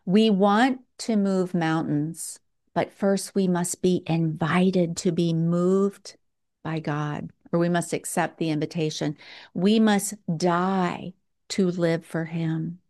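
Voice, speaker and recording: A woman preaching a sermon in a slow, earnest way, with dramatic pauses. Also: on the low side, steady tone, a little mellow.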